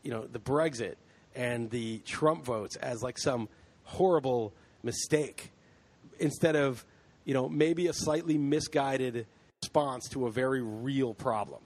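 A man's voice: mid-range voice, unhurried, darkish tone. A man hosting a podcast in casual chat, heated and ranting, swearing freely. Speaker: podcast host.

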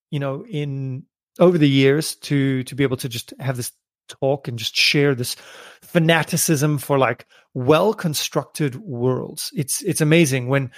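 A man's voice: medium pitch, no echo, clean studio sound. A man hosting a solo podcast, talking casually and thinking aloud with frequent fillers and restarts. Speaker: podcast host.

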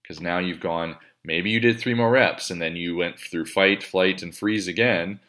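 A man with a low-pitched voice explains training concepts as a coach. His talk is casual and conversational. He swears freely and slips into quoted self-talk to illustrate his point. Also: moderate pace, fairly bright tone. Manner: conversational, profane, acts out inner thoughts.

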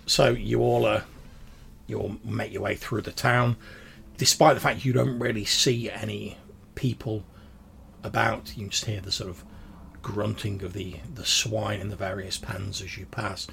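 A man's voice: on the low side, steady tone, a little slow, gravelly, a bit bright, slight background noise. A man narrating a tabletop role-playing game as game master, rambling with many fillers.

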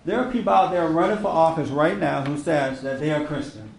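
A man hosts a radio talk show, giving preaching commentary to a live audience with emphatic rhetorical questions and mocking quotes. His voice is a little high and brisk, with vocal fry and a slight hiss or hum in the recording.

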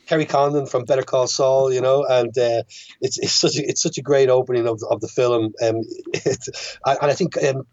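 An Irish man chats casually as a podcast guest, stumbling through restarts and fillers as he gathers his thoughts. His voice sits at a middling pitch. The recording is dry and a little muffled, with a lo-fi dullness. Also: fairly even intonation, moderate pace, a little mellow, no room sound. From Ireland. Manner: hesitant, many restarts and fillers. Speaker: guest filmmaker.

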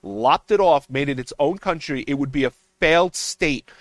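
A man's voice: a little high, expressive, moderate pace, no echo. A man on a political podcast panel, ranting emphatically and swearing as he argues. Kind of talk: heated political roundtable talk.

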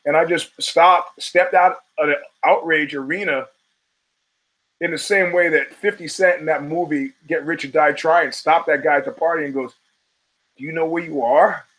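A man's voice: a little high, steady tone, normal speed, fairly bright tone, poor audio. A man hosting a solo podcast, talking in a wry, profane, digressive way with emphatic punches. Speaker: podcast host.

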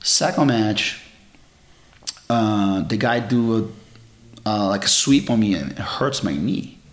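A man's voice: lowish voice, animated, takes it slowly, roomy sound. A middle-aged man telling stories from his martial arts career in a casual interview, rambling with many fillers and restarts. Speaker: jiu-jitsu champion guest.

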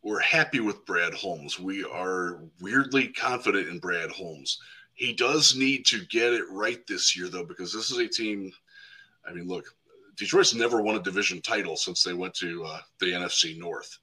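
Husky-voiced man, chatty football guest. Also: low-pitched, normal speed, bright, forceful tone, poor audio. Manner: chatty, frequent 'like' and restarts. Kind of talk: casual podcast chat.

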